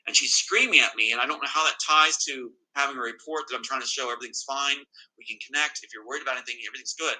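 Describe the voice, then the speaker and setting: A man's voice: medium pitch, fairly even intonation, rapid-fire, pushed and bright, poor audio. A man telling an interviewer an emotional personal account, agitated and emphatic, often repeating himself. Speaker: interview guest.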